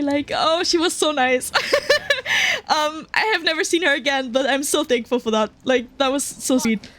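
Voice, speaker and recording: A woman's voice: sits high, moderate pace, a bit bright. A woman streamer chatting casually while she plays a game, giggling a lot between lots of fillers. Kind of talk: casual chat while gaming.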